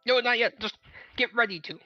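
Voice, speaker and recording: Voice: mid-range voice, fairly quick, dry recording, muffled recording. A player in a tabletop game, cautious and laughing in casual chat, stammering.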